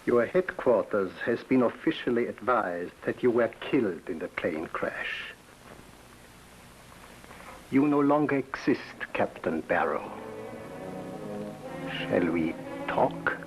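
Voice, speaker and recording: An actor playing a polished, coldly courteous communist official who interrogates a prisoner, in 1950s TV drama style. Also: male voice, on the low side, lively intonation, takes it slowly, long pauses, soft background music, low-quality recording. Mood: menacing. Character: suave menacing communist official, male.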